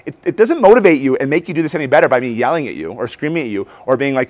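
A man in his forties giving an energetic conference workshop for teachers, acting out his students' voices. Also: mid-range voice, racing, few pauses. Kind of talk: lively conference talk with demonstrations. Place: conference hall before an audience.

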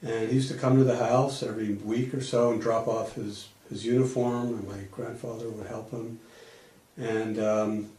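A man's voice: fairly low pitch, steady tone, moderate pace, mellow, recorded from a distance. Middle-aged man telling a story, echoey room. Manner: plain, explanatory retelling with frequent restarts. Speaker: interviewee. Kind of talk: oral history storytelling.

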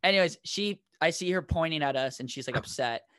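A man's voice: a little high, lively intonation, a little fast, sharp tone, smooth, dry recording, clean studio sound. A man co-hosting a comedy podcast, telling a rambling anecdote and laughing as he goes. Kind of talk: casual storytelling.

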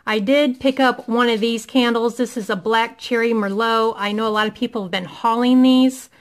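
A middle-aged Indiana woman vlogs a casual product haul from home, sounding enthusiastic and using plenty of ums. Her voice is a little high, with fairly even intonation and a normal pace.

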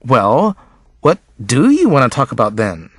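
A man's voice: mid-range voice, huge pitch swings, measured pace, a bit bright, slightly rough, no echo, studio quality, heavily acted. A man voicing a snide, catty teenage girl. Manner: teasing, sarcastic.

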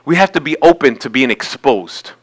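A man's voice: mid-range voice, animated, normal speed. A male pastor giving a sermon, talking conversationally and building to emphatic peaks. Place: church sanctuary.

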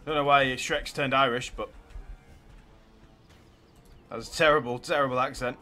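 A man hosting a let's play, giving live commentary and cheering his units on excitedly. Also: mid-range voice, measured pace, pauses often, faint music behind.

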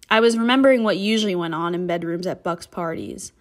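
A woman's voice: lowish voice, fast, hardly any pauses. Woman teacher reading a novel aloud. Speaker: middle school English teacher.

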